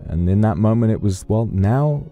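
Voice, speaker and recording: A man's voice: on the low side, animated, normal speed, narrow, tinny audio, soft background music. A man streaming and chatting casually, reflecting in a rambling way with frequent restarts.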